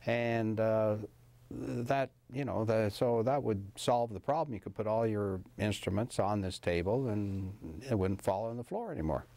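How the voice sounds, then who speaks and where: A man's voice: on the low side, measured pace, gravelly, dark tone, no room sound. An older man, a professor of anesthesiology, recalling his work in a rambling, hesitant interview style with many fillers. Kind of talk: casual interview recollection.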